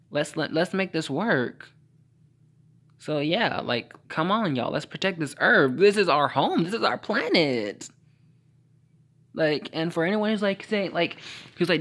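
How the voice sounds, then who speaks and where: A man's voice: on the high side, lively intonation, moderate pace, a bit bright. Sassy, rambling young man with caffeine jitters. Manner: sassy, rambling, heavy use of "like" and "honey"; jittery and over-caffeinated, stumbling over words. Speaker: solo podcaster. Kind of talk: late-night solo podcast rant.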